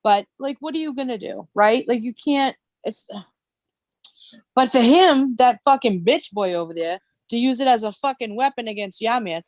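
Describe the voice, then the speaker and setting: With a slightly high voice at a moderate pace, this livestream host rants in an animated, blunt way, cursing heavily throughout a casual chat. The recording is dry.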